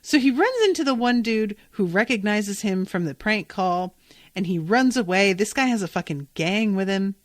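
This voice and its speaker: A woman's voice: mid-range voice, dry recording. A woman hosting a podcast, recapping an episode in a chatty, casual way, with swearing and lots of fillers. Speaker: podcast host.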